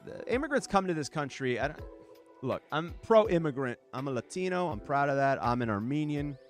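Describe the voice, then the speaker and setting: An American podcast host with a slightly high, sing-song voice talks a little fast over soft background music. Hosting his own show, he gives a casual comedic monologue while reading chat, mocking with rhetorical questions and quick impressions.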